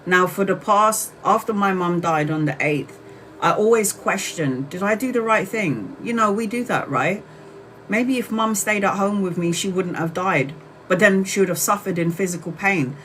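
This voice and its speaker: A woman's voice: medium pitch, normal speed, a bit bright, a little hiss or hum, low-quality recording. A woman tarot reader in a casual livestream who talks in an emotional, emphatic way and repeats phrases for weight.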